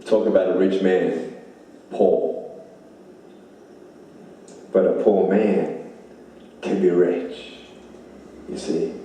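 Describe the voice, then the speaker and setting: A man's voice: low voice, fairly even intonation, very slow, long pauses, mellow, a little hiss or hum. A man giving an inspirational speech, emphatic, repeating lines for effect. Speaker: motivational speaker. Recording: very echoey hall, mic far off.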